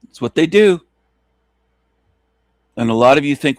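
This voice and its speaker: A man's voice: fairly high pitch, expressive, a little slow, no echo, clean studio sound. A man ranting angrily and with contempt in a profane monologue to his channel. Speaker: channel host.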